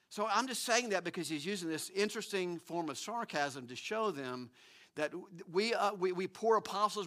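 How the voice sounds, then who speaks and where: Male pastor, high bright voice, emphatic sermon delivery with frequent restarts. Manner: animated, emphatic preaching with repeated restarts.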